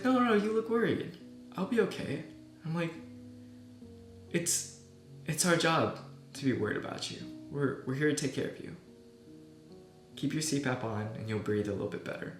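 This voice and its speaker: Young male med student, mid pitch, reflective and soft-spoken, quiet guitar bed, roomy echo. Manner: soft-spoken, earnest, often trailing off quietly. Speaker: medical student vlogger. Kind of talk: reflective personal storytelling. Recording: echoey room with soft guitar music.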